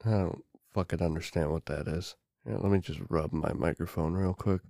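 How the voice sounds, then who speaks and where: A man's voice: sits low, steady tone, moderate pace, creaky, mellow. A man hosting a podcast, delivering a crude, irreverent comedic monologue full of swearing. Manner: profane, irreverent, joking. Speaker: podcast host.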